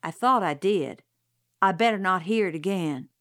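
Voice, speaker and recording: A woman's voice: fairly low pitch, animated, moderate pace, a bit bright, no echo, studio quality. A woman doing a stern scolding aunt. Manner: scolding and clipped. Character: stern prim middle-aged aunt. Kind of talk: audiobook character voice.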